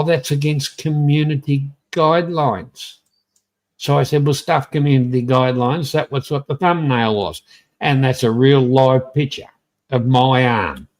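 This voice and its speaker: A man's voice: a little high, darkish tone. An Australian man hosts a casual livestream in a slightly raised voice, chatting bluntly and cheerfully. He rambles from one thought to the next, and his voice jumps up when he greets viewers by name. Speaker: livestream host. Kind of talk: casual live-stream chat.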